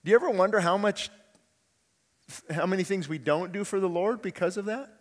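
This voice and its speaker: A man preaching in a church hall, his fairly high voice carrying a long reverb tail. He speaks as a pastor in an earnest, conversational way, often putting rhetorical questions to the congregation. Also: fairly quick. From California, USA. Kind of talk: sermon. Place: church sanctuary.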